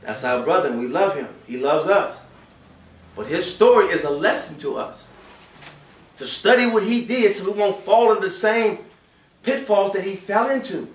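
Impassioned high-voiced man preaching. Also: moderate pace. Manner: impassioned, shouts acted voices, drops to hushed tones. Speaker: imam giving Friday sermon. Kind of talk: sermon. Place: mosque prayer hall. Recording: echoey room from a distance.

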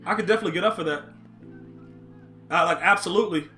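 A man's voice: sits high, fast, bright, forceful tone, soft background music. A young man live-streaming a football video game, reacting to chat and play, often repeating himself. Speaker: gaming streamer.

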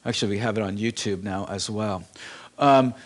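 A man preaching a sermon in a church in a conversational way, often repeating and restarting phrases, swinging between emphatic lines and hushed ones. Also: fairly low pitch, normal speed. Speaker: pastor. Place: church sanctuary.

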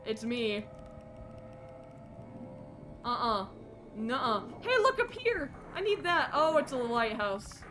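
A young woman streamer reacting to horror games live, shrieking when scared and reading the story dialogue softly. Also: on the high side, big pitch swings, takes it slowly, long pauses, faint music behind. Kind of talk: live horror game commentary.

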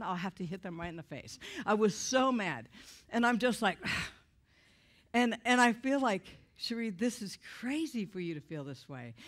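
A middle-aged woman tells her testimony to a church crowd. She speaks in an earnest, animated way, pushing her voice up when she is heated and letting it sink low and quiet when she is moved. Her pitch sits in an ordinary middle range for a woman. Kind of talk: emotional testimony talk to a church audience.

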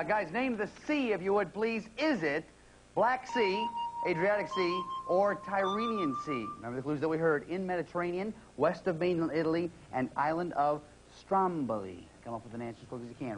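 A man hosting a game show, cheerful and encouraging as he quickly prompts the contestants. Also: on the high side, expressive. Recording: hissy 1990s TV tape.

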